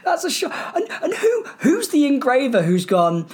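A woman's voice: high-pitched, normal speed, hardly any pauses. A woman co-hosting a podcast, chatting casually with frequent laughter and playful rants. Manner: laughing, ranting, animated. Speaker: podcast co-host. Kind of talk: casual chat.

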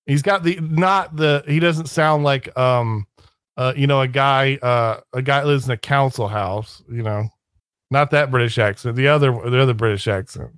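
A man's voice: medium pitch, moderate pace, a bit bright, dry recording. A man talking casually on a podcast, rambling with many restarts and sneering asides.

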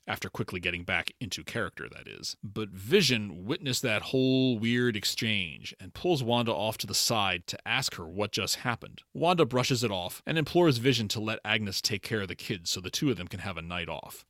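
Bright-voiced man recapping a show. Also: fairly low pitch, no room sound, studio quality. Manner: chatty, opinionated, laughs now and then. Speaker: podcast co-host. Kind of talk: casual episode recap.

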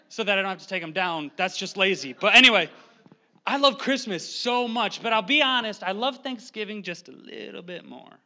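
A young man preaching from a church pulpit in a quick, joking, animated way, holding a handheld microphone. His voice sits high for a man and sounds bright and forceful. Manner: fast-talking, joking and animated. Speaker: guest preacher. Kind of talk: humorous sermon. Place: church sanctuary.

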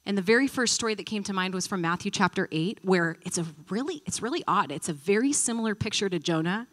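A woman's voice: mid-range voice, quick pace. A woman teaching a Bible study in a conversational, thinking-aloud way, acting out the stories she tells. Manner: animated storyteller, acting out quotes.

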